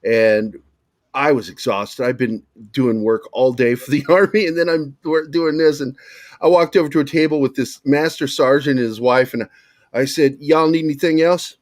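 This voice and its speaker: A man's voice: mid-range voice, fairly even intonation, normal speed. A Southern man from Virginia tells swearing, blunt anecdotes in an online group chat. His voice sounds close and dry, with no room echo. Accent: American Southern. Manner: blunt, profane storyteller. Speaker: podcast panelist, army veteran. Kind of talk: casual storytelling.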